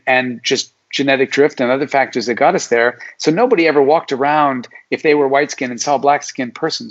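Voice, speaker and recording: A middle-aged psychology professor from Alaska, USA, appears as a guest in a casual interview, explaining ideas and acting out the lines of imagined people in quotes. His voice is mid-range with a fairly bright tone, and the audio is dull and lo-fi.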